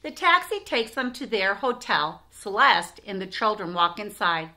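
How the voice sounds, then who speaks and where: A woman reading a picture book aloud for children, expressive, with asides to her listeners. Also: mid-range voice, unhurried. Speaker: storytime reader.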